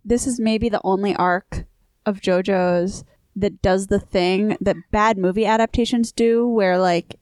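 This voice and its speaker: Woman talking anime w/ friends, eager, quick emphatic points, dry mic. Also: medium pitch, steady tone, a little mellow, smooth, dry recording. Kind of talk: casual chat about anime.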